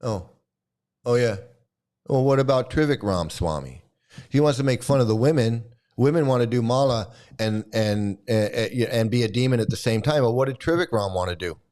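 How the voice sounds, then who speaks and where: A man's voice: medium pitch, expressive, moderate pace, darkish tone. A man hosting a commentary video, ranting heatedly, swearing and repeating himself as he gets worked up. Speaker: commentary host. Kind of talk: angry commentary rant.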